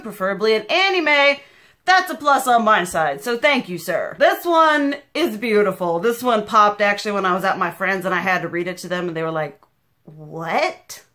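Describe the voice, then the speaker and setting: Loud, bright-voiced young woman vlogging. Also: on the high side. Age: young adult. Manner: loud, passionate and emphatic; animated and chatty. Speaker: beauty vlogger. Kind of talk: casual vlog chat.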